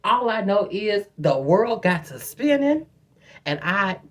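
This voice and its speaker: A woman telling a personal story to her viewers in a chatty, profane, animated way, often calling them "girl". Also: medium pitch, slow pace, slight background noise. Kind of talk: casual storytime monologue.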